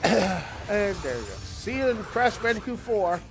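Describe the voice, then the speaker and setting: A man's voice: high voice, big pitch swings, a little slow. A man hosting a game livestream, chatting loosely with lots of fillers while he plays. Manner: rambling, chatty, with many fillers. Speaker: game streamer host. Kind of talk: casual chat while playing a game. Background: video game music.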